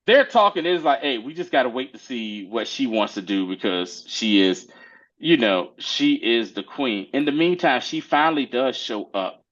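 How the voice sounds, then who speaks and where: A man casually recapping a TV episode with a co-host, animated and slangy, acting out the characters' lines in quick little voices. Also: medium pitch, muffled recording. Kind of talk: casual chat.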